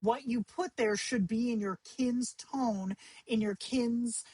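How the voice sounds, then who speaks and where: A woman hosting a livestream tutorial, talking in a chatty, conversational way with quick asides. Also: fairly high pitch, warm tone, husky, no echo, rough recording. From Arizona. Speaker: livestream host teaching AI companion tips.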